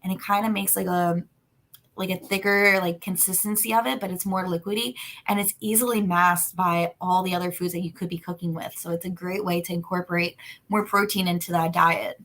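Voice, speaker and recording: A woman nutritionist speaks on a video call in a fairly low voice, friendly and explanatory. She fills her sentences with little ums and likes. It is a casual group chat. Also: fairly even intonation, a little fast, a bit bright. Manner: friendly, explanatory, many fillers. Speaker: nutritionist presenter.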